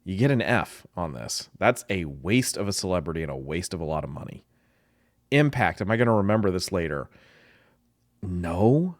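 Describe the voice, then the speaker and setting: Blunt, animated man tearing into an ad. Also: low voice, moderate pace, no room sound, clean studio sound. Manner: blunt, exasperated critique. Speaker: marketing professor reviewing ads. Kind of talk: ad reaction commentary.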